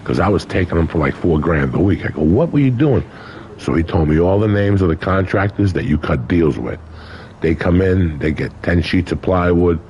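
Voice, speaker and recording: A man's voice: low-pitched, expressive, moderate pace, a little mellow, highs cut off, slight background noise. An older man telling stories in a casual interview, colorful and profane, acting out other people's lines. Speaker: guest. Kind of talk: casual storytelling.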